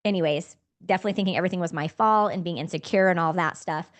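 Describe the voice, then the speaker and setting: A woman's voice: lowish voice, very fast. A woman in her forties, hosting a podcast, telling a personal story in a candid, conversational way. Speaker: podcast host.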